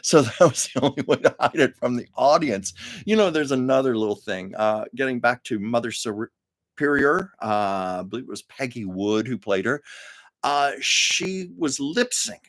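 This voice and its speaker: A man telling show-business stories on his home livestream, chatty and anecdotal, with frequent laughs. His voice sits at a middling pitch for a man, and he breaks off now and then to read comments from the chat aloud. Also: lively intonation, normal speed, fairly bright tone. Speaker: livestream host. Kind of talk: casual storytelling to a live chat.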